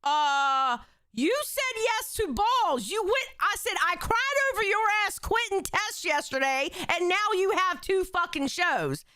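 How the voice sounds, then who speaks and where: High, bright-voiced woman, animated and swearing. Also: measured pace, no room sound, studio quality. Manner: animated, swearing, bursts into shouting. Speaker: livestream host. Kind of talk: casual livestream chat.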